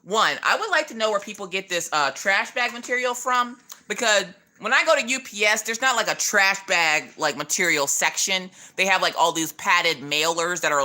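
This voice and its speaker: A woman's voice: fairly low pitch, sharp tone. A woman hosting a casual craft livestream, playfully greeting chat viewers by name and joking with them as she unboxes.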